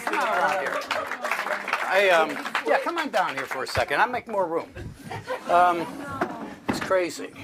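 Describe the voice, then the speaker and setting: A man's voice: sits high, big pitch swings, moderate pace, long pauses, a loud crowd. Man giving commanding hypnotist patter. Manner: commanding, repetitive suggestions, playful. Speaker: stage hypnotist. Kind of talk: live stage hypnosis patter. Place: live show before an audience. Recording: noisy live recording.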